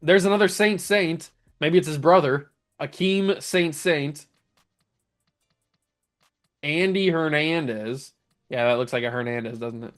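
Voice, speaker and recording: A man's voice: fairly high pitch, a little slow, long pauses, fairly bright tone, faint music behind. A young man hosting a gaming channel, chatting casually and laughing while reading through odd player names. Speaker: gaming YouTuber host. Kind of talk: casual game commentary.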